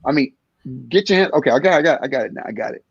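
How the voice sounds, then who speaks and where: A comedian in his sixties talking in an animated interview, acting out little scenes in different voices. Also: fairly high pitch, very fast, husky, no echo, highs cut off. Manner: energetic storyteller acting out voices. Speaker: comedian guest.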